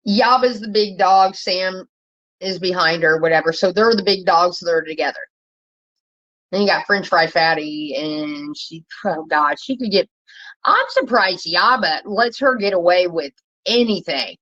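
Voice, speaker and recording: A woman's voice: unhurried, fairly bright tone. A woman rants bluntly and profanely, wandering from point to point, her voice climbing sharply when she gets fired up. The sound is a little dull and lo-fi, like a basic home setup. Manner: blunt, profane, rambling, rising pitch when worked up. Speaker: commentary vlogger. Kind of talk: casual ranting commentary.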